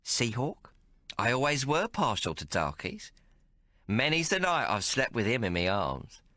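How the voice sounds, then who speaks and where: A man voicing a coarse, affectionate young working-class woman with rough, teasing speech in a storybook reading. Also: medium pitch, wildly swooping pitch, measured pace, sharp tone, no room sound, studio quality, voice pushed up, exaggerated voice.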